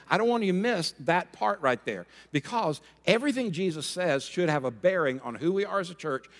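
Male pastor, sermon delivery, slightly high voice, bantering with the congregation, in a hall with long reverb. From Rhode Island and Florida. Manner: lively, joking, asks the congregation to respond.

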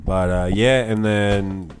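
A man's voice: fairly low pitch, steady tone, slow pace, slight background noise. A man co-hosting a podcast, chatting loosely about fantasy football picks and swearing often. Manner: loose, joking, swears a lot. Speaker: podcast co-host.

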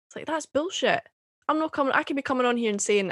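A woman's voice: high voice, sing-song, fairly quick, no room sound, clean studio sound. A young woman from Scotland with a Scottish accent, talking as a guest in a casual chat, passionate, swearing freely and laughing often.

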